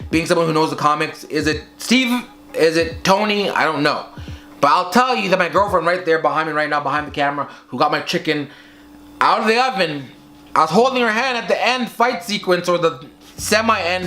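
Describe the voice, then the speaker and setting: A man giving a casual, excitable movie review at home, speaking straight to his viewers and calling them guys. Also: a little high. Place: at home, filmed by his girlfriend.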